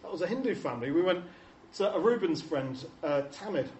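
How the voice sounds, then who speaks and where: High-voiced Englishman telling funny stories in an echoey hall. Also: animated, fairly quick, a little mellow, dull audio. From England. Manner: chatty, self-mocking storytelling that acts out quoted voices. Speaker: speaker showing photos to an audience. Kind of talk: humorous anecdotal talk. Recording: echoey hall, distant mic, faint noise.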